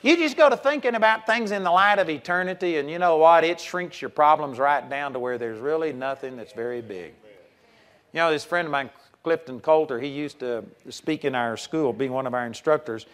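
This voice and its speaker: A man preaching a sermon in a folksy, animated way, swinging between loud punches and quiet asides. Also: on the high side, a little fast.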